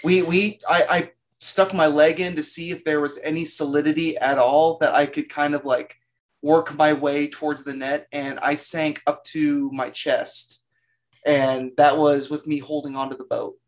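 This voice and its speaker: Man, slightly high pitch, casual storytelling, rambling, animated, filler words. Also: unhurried. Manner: animated, self-mocking storyteller.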